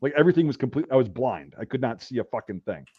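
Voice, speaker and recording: A man's voice: medium pitch, expressive, fast talker, breathy edge, dry recording. A man hosting a podcast, telling a rambling war story in casual, profanity-heavy talk. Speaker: podcast host. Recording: dull dry recording.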